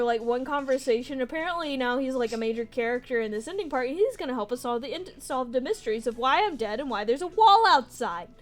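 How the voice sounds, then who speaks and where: A woman streamer reacting to a game live, excitable and giggly. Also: high-pitched.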